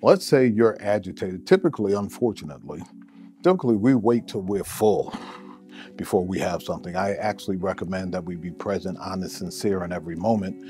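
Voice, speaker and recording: A male therapist giving relationship advice in a measured way, often repeating words as he thinks. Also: sits low, expressive, mellow, faint music behind. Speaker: therapist answering a listener question. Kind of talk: advice talk to camera.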